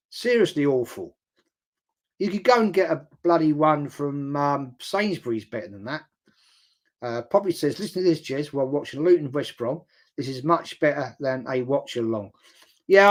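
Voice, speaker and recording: An older man hosting a casual live chat, rambling bluntly, swearing casually and repeating words for emphasis. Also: a little high. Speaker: host. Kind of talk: casual live-stream chat reading viewer comments.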